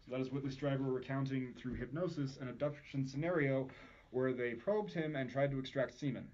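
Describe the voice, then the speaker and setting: A man's voice: mid-range voice, fairly quick, darkish tone. Podcast host guy, casual and crude, mid voice, kinda muffled recording. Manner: crude, joking banter.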